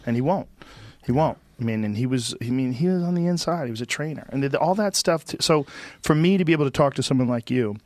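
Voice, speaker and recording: A man hosting a podcast interview, talking in animated, quick bursts and swearing casually. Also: medium pitch, no echo. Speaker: podcast host.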